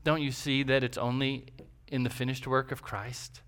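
A man's voice: medium pitch, flat delivery, moderate pace, a bit bright, smooth. A man preaching a sermon as pastor, emphatic, with rhetorical questions and repetition.

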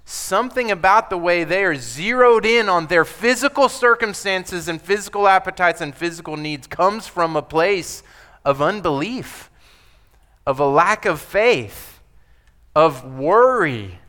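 A man's voice: sits high, expressive, a little slow, sharp tone. A man preaching a sermon as pastor, talking emphatically and conversationally, acting out the scripture he quotes.

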